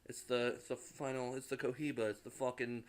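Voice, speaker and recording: A man voicing a smarmy, eager male weapons dealer with fast, fawning salesman patter. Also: medium pitch, level tone, lightly acted.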